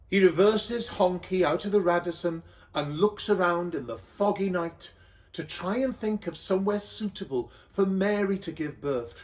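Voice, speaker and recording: A Welsh man reading a cheeky comic story aloud with a playful manner. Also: high-pitched. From Wales.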